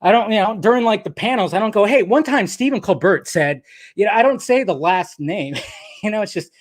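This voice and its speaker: A man's voice: high voice, animated, fast talker. A man giving casual film commentary as a vlogger, rambling and chatty, full of asides.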